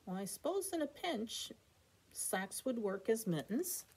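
A middle-aged woman reading a bedtime story aloud with expressive narration and chatty asides. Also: fairly high pitch, measured pace, a little hiss or hum.

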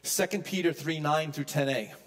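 A man preaching a sermon as pastor, emphatic, swinging from loud peaks to hushed low lines. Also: moderate pace. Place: church.

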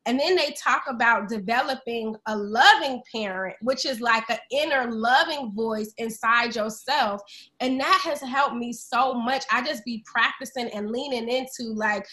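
A woman's voice: fairly high pitch, measured pace, sharp tone. A woman who is a podcast guest, speaking earnestly and openly in a casual conversation with loose slang.

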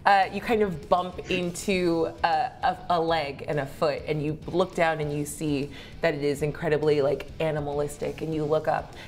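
A woman's voice: sits low, little pitch movement, moderate pace, hardly any pauses. A woman narrating as game master in a loose, chatty way with frequent fillers.

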